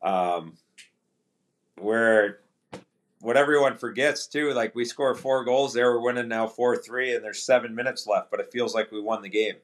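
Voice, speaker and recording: On a podcast, a male pro hockey player with a mid-level pitch and steady, moderate tempo spins an easygoing yarn. Teammates' remarks come out as acted dialogue, while he keeps backtracking and dropping in fillers.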